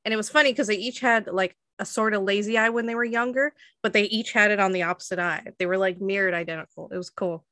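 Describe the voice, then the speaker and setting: A woman in her twenties tells a story in easy, rambling chat, full of fillers and quick laughs. Her voice is bright and forward, recorded close and dry. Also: mid-range voice, fairly even intonation, no echo. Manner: chatty storytelling, laughs often, many fillers. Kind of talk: casual chat.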